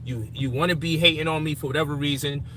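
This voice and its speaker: A man's voice: fairly high pitch, fairly even intonation, fast, bright, forceful tone. A man ranting in frustration, profane and emphatic, with faint background noise. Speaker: commentator. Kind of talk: frustrated personal rant.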